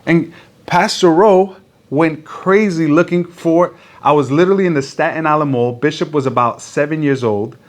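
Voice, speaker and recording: A man's voice: a little high, moderate pace. A man preaching a sermon who tells a story with energy and acts out the people in it, in front of a congregation. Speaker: pastor.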